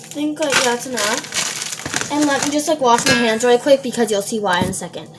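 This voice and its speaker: A high-pitched woman chats through a casual baking vlog. She rambles along, full of fillers, and talks straight to her viewers. Dishes and cutlery clatter around her in a noisy home kitchen. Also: a little fast. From Minnesota. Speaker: home baker vlogger.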